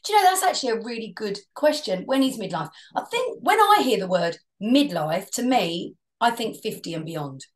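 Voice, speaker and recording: A woman in her fifties co-hosting a podcast in casual chat, teasing and playful, often jumping in quickly. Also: medium pitch, big pitch swings. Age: 50s. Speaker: podcast co-host.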